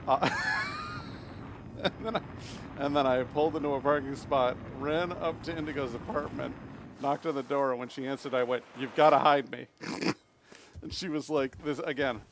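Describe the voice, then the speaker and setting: Animated man streaming a game. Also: mid-range voice, background noise. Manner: animated, swearing freely at the game; rambling anecdotes with restarts. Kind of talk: live gameplay commentary and storytelling.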